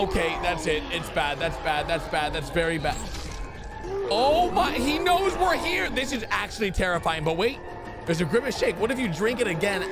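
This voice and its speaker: Hyped up guy reacting to cartoons, high voice swinging all over, bit of music behind. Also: sing-song, normal speed. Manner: exclaims and gasps, talks to viewers as guys. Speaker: reaction video host. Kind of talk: excitable reaction commentary.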